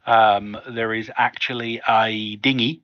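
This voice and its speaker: A man's voice: fairly low pitch, fairly even intonation, no room sound, lo-fi sound. A man running a tabletop game as game master, narrating scenes with frequent ums. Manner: descriptive, unhurried with fillers.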